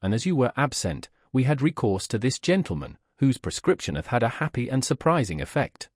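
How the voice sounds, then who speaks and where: A man reading a flustered middle-aged mother who explains herself in an apologetic, hurried tone. Her lines keep an expressive, moving pitch and sound dry and close. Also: dry recording.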